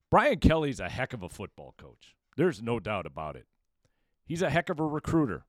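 A man's voice: on the low side, dry recording. A man hosting a solo sports podcast, giving emphatic, opinionated commentary and throwing rhetorical questions at his listeners.

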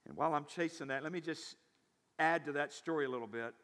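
A male pastor delivers a sermon in a bright, ringing voice set slightly high. He tells stories and swings between loud emphatic bursts and quiet asides. The sound carries the long reverb of a church hall. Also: fast. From South Louisiana. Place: church sanctuary.

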